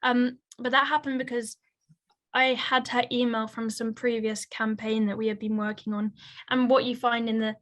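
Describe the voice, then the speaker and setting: A woman's voice: on the high side, level tone, normal speed, fairly bright tone. Earnest young woman, level-voiced. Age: young adult. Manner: articulate, earnest, fluent. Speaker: guest, young conservationist and author. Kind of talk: conversational interview answers.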